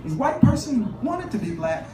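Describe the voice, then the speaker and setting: High-voiced male comic in a roomy club. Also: big pitch swings, moderate pace, distant mic. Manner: punchy, conversational delivery with frequent impressions. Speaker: stand-up comedian. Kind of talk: stand-up comedy set. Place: comedy club stage. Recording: roomy live club sound with loud crowd laughter.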